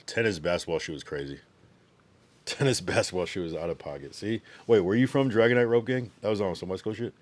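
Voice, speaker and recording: A man's voice: low-pitched, a little fast. A man livestreaming, chatting loosely with slang and swearing while reading viewers' messages aloud. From United States. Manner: loose, slangy and profane, reacts to chat messages.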